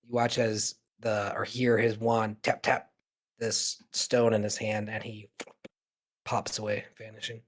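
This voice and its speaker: A man narrating as game master of a tabletop game, relaxed and meandering with many fillers. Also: on the low side, a little slow, husky.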